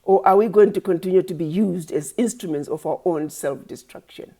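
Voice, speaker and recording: A woman's voice: lowish voice, fairly quick, warm tone. A woman founder giving an impassioned address, scolding her critics with rhetorical questions and preacher-like repetition. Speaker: organization founder.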